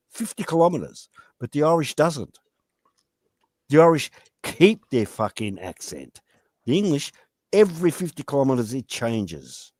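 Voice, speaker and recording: Blunt, animated Australian man. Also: fairly high pitch, no echo. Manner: blunt and emphatic, heavy swearing, repeats his point. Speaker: panelist on a live stream. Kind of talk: casual chat.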